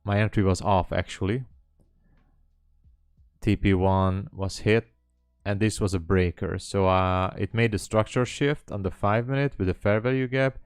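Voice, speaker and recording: Deep, slow-talking man streaming live. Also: fairly even intonation, smooth, no room sound, clean studio sound. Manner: rambling, hesitant, chatting with viewers. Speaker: livestream trading host. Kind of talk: casual live-stream commentary.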